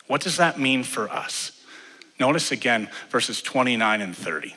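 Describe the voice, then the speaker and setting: A man's voice: medium pitch, lively intonation, normal speed, bright, forceful tone, husky. A man preaching a sermon as pastor to a church congregation, earnest, rising and falling in force. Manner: earnest preaching that swells and drops. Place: church sanctuary. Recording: long hall reverb in a church.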